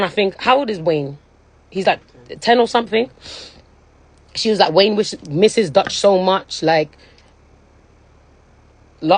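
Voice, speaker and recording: A woman's voice: on the low side, breathy edge, no room sound. Emphatic young woman on a live stream. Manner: emphatic, keeps repeating "you know what I'm saying". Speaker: livestreamer. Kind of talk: casual live-stream monologue.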